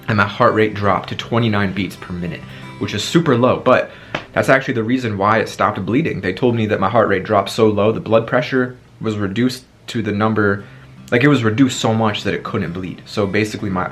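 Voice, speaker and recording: A young man in his twenties with a fairly low voice tells a story to his viewers in a lively, dramatic way, acting out what he said back then. He is talking through a sore throat, and soft guitar music plays behind him. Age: 20s. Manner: animated storytelling, acting out his own past lines. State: sore throat after tonsil surgery. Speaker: vlogger. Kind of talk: storytime vlog.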